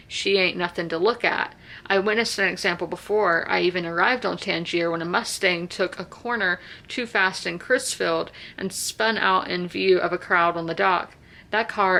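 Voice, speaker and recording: A woman's voice: lowish voice, gravelly, a bit bright. A woman, chatting casually about a book she read and reading passages aloud. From South Carolina. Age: 20s. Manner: chatty, filler-heavy, reads passages aloud. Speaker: book reviewer. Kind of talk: casual book review vlog.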